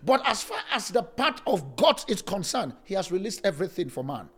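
A man preaching as a pastor, swinging between loud and soft, with sudden rises and drops in pitch. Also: very animated, brisk, breathy edge. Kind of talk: sermon.

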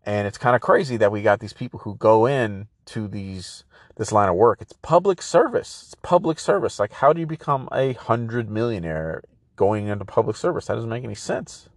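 A man's voice: on the low side, animated, moderate pace, dry recording, clean studio sound. A man hosting a podcast in a casual political rant, rambling and profane, full of filler words and "bro". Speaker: podcast host.

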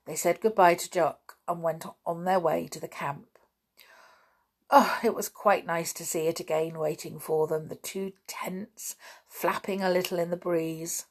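A woman reading a children's novel aloud in a calm, even storytelling manner. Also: fairly low pitch, unhurried, husky. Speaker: audiobook narrator.

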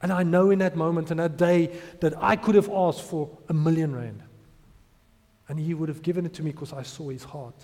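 A man in his thirties delivers a heartfelt sermon testimony, his slightly high voice swelling into loud emphasis. The sound carries a long reverb from a big hall. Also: fairly even intonation, fairly quick. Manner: emotional storytelling, rising to loud emphasis. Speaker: preacher.

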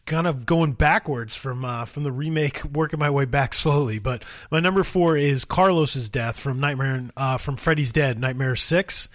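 A man's voice: medium pitch, moderate pace, few pauses, no echo, clean studio sound. A man co-hosting a podcast, chatting casually and rambling through a story with lots of fillers and laughs. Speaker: podcast co-host. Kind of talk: casual chat.

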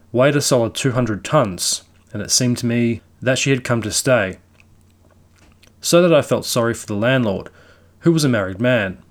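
Male narrator, measured read of a spooky tale. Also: medium pitch. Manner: measured storytelling. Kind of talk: reading a classic ghost story aloud.

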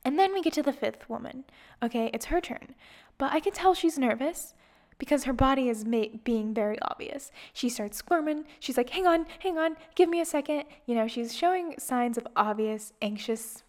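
Young woman podcaster, kinda high voice, chatty and animated, voices her own nerves. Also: moderate pace. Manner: animated, acts out her own nervous inner voice. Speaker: podcast host. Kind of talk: casual storytelling monologue.

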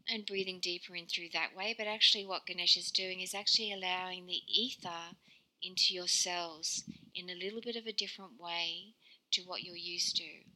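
A woman leading a guided meditation, talking softly and meanderingly, with frequent small giggles. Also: lowish voice, rough recording.

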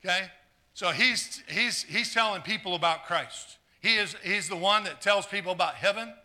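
An earnest preacher with a high-sitting voice and moderate pace gives a live sermon, calling up volunteers from the audience. He repeats words as he stumbles, swaps jokes with the congregation, and alternates quiet remarks with fired-up cries.

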